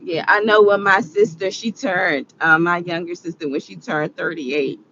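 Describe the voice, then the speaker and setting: A woman's voice: on the low side, normal speed, sharp tone, highs cut off, a little hiss or hum. A woman of forty talking casually to camera, rambling, repeating herself and laughing often. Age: 40s. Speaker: vlogger. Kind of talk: casual reflective talk to camera.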